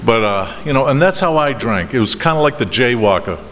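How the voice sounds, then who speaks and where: A middle-aged man with a Boston accent tells a meandering personal story about his drinking at a recovery meeting, halting and restarting with chuckles. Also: mid-range voice, animated, fairly bright tone. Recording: reverberant hall with faint noise.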